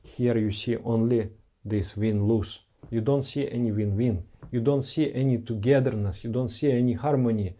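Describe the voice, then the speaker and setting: A man's voice: medium pitch, normal speed, warm tone. A man who is a spiritual teacher, giving an earnest, heartfelt devotional talk to followers in simple broken English.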